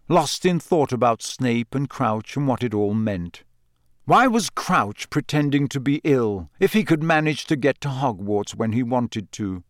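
A man narrating an audiobook in a measured storytelling manner. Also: medium pitch, dry recording, clean studio sound. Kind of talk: scripted narration.

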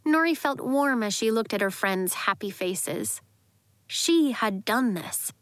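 A woman narrating a children's story in a lively, expressive way. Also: fairly high pitch, slow pace, no room sound. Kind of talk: audiobook narration.

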